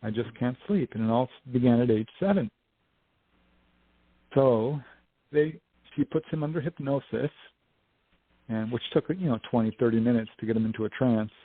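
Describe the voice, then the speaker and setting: Husky man telling a story over the phone. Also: mid-range voice, normal speed, pauses often, no room sound. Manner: animated storyteller, acts out quotes. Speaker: guest, UFO investigator and author. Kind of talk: casual storytelling interview. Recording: dry tinny phone line.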